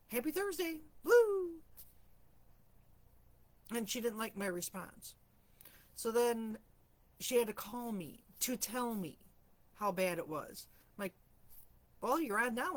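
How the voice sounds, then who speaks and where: A woman hosting a casual live chat, telling stories in a chatty way, clearing her throat often, her morning voice slightly rusty. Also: medium pitch. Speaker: host of a live stream for empaths.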